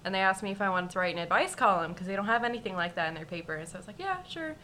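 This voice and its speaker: A woman's voice: lowish voice, rapid-fire, a little hiss or hum. A woman in her twenties, a podcast guest, chatting casually and making dry jokes. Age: 20s. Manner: joking, deadpan about grief. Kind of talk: casual chat.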